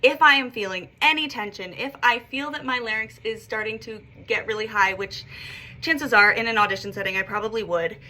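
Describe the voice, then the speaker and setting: A woman's voice: fairly high pitch, brisk, sharp tone. A young woman, a vocal coach, explaining singing technique in a lesson, breaking into belted demonstrations.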